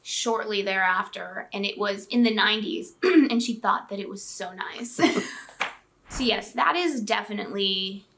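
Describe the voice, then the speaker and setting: A woman's voice: mid-range voice, measured pace, creaky, fairly bright tone, a little hiss or hum. A woman realtor co-hosting a casual chat channel, chatty and often laughing.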